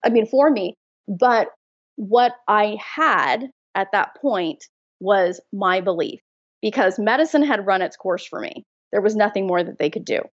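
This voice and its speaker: Interview guest: emphatic woman in her 40s, mid pitch, slightly lo-fi sound. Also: expressive, measured pace. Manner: earnest, emphatic, laughs while talking. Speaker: guest, fertility mindset coach. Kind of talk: conversational interview. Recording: slightly dull lo-fi audio.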